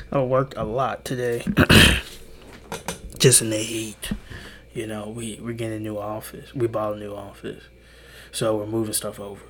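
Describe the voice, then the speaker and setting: A tired young man hosting a solo podcast, talking in a hushed, half-whispered way, rambling and swearing with little laughs. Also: lowish voice, level tone, measured pace, long pauses, slight background noise. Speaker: podcast host. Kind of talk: solo late-night podcast monologue.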